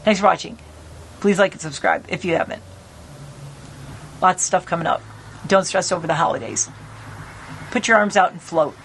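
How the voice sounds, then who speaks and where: A middle-aged woman vlogging casually from her rural home, talking in a rambling, animated way. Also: fairly low pitch, normal speed, long pauses, rough recording. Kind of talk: casual chat. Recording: faint background noise.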